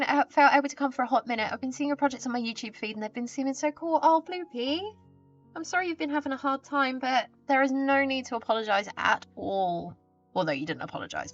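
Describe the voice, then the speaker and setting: A woman's voice: on the high side, fairly bright tone, lo-fi sound. A woman live streamer chatting casually with her viewers. She greets them and reads their messages aloud, talking into a desk mic with a pop filter.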